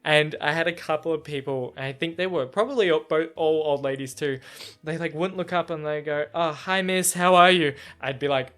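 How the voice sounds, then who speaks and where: Young man, light feminine voice. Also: normal speed. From Australia. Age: young adult. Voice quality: somewhat feminine voice. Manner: animated storytelling, frequent laughs, jumps into high-pitched acted quotes. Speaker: podcast host. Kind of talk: solo casual podcast chat.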